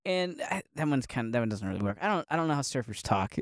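A man's voice: medium pitch, big pitch swings, fast talker, dry recording. Rambling, laughing man. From Northeast Ohio. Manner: rambling, laughs often, many likes and restarts. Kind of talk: casual monologue.

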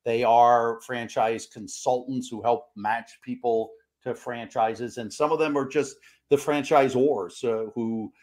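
A man's voice: medium pitch, steady tone, measured pace, darkish tone. An older man hosting a podcast interview, rambling and restarting his questions. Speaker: podcast host.

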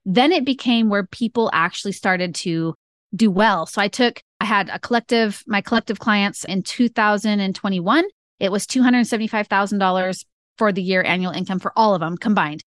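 A woman's voice: medium pitch, normal speed, dry recording, clean studio sound. A middle-aged woman speaking as a podcast guest, blunt and upbeat, laughing often. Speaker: guest, ad consultant. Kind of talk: casual podcast interview.

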